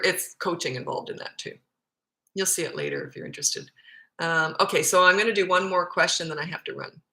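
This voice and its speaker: A woman's voice: low-pitched, creaky, pushed and bright. Blunt, emphatic woman parenting coach. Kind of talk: live viewer Q&A. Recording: echoey room.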